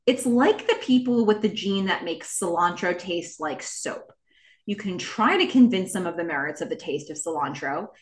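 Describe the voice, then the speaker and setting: A woman voicing a blunt, exasperated older woman writing in, reading her letter dramatically and bursting into loud shouts. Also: fairly low pitch, lively intonation, normal speed, natural voice. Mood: indignant.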